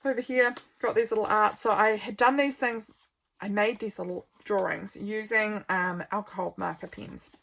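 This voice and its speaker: A woman's voice: mid-range voice, steady tone, moderate pace, vocal fry, fairly bright tone. A young woman who chats casually through her journal, rambling a little and yawning often because she is tired. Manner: rambling, friendly, stops for frequent yawns. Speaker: vlogger.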